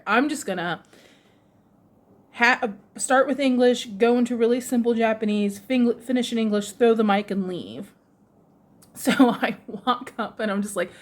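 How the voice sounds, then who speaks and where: A woman telling a story on her vlog in a loose, chatty way. She laughs often and slips into little voices when she quotes the people around her. Her pitch sits at an ordinary middle height for a woman. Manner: animated, laughs often, mimics others' voices. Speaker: vlogger. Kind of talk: casual storytelling. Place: lives in Japan, runs a shop with her husband.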